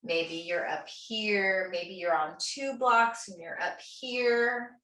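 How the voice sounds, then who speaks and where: A woman teaching a guided restorative yoga class, giving gentle, soothing cues and counting breaths slowly. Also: medium pitch, distant mic. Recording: roomy echo, voice a bit off-mic.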